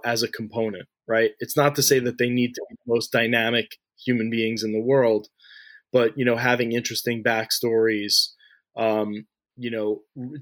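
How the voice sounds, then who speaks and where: A man's voice: medium pitch, no echo. A man in his thirties giving long, loose interview answers, full of "you know" and "like" and frequent restarts. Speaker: interview guest, music industry figure.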